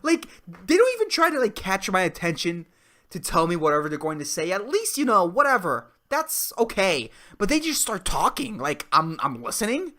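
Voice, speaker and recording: A man in his twenties hosting a solo podcast, ranting in a profane, excitable way and peppering his talk with "dude" and "man". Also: high voice, normal speed. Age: 20s. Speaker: podcast host. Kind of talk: solo comedic rant.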